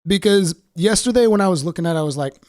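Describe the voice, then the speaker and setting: A man's voice: high-pitched, expressive, quick pace, a little mellow, no room sound, clean studio sound. Sick man giving gaming commentary. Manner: opinionated, sarcastic asides. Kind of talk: casual reaction commentary.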